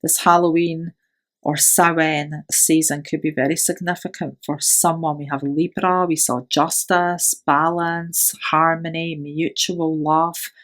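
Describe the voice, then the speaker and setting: A woman's voice: low-pitched, steady tone, unhurried, fairly bright tone. A woman giving a pick-a-card tarot reading, speaking in a soothing, affirming way and often tagging her phrases with "right?". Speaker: tarot reader.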